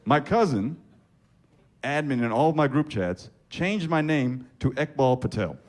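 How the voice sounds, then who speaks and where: A man doing stand-up on a club stage, telling self-mocking stories in a deadpan way. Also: medium pitch, measured pace, a little hiss or hum. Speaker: stand-up comedian. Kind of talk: stand-up comedy.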